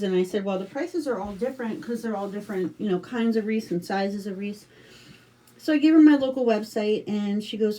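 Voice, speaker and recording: Chatty American woman, mellow voice. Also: mid-range voice, moderate pace. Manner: chatty, rambling storytelling with many fillers. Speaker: craft livestream host. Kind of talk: casual livestream chat.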